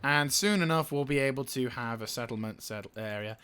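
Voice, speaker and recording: A young man with a bright, sharp voice talks through his strategy game. He swears freely and rants at the enemy, then drops back to muttering over menus. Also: mid-range voice, fairly quick, clean tone. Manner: profane, ranting, venting frustration. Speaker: gaming YouTuber. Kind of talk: let's play commentary.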